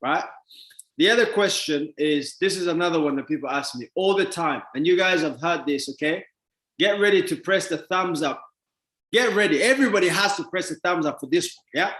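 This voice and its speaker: Excitable laughing man, roomy echo. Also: on the high side, brisk. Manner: excitable, laughing, exasperated, acts out questions, mixes shouting and mumbling. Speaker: business motivational speaker. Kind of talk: motivational talk.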